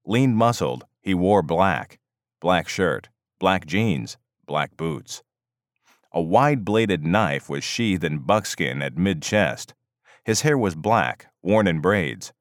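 An audiobook narrator reads a novel as scripted narration in a steady, measured storytelling voice. His voice is deep, and the clean studio sound has no room tone.

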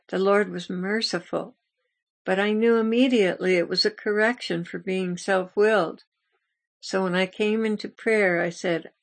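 A woman's voice: medium pitch, creaky. A woman hosting a ministry channel, telling a story in an earnest, confessional way as part of a devotional message. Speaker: ministry host.

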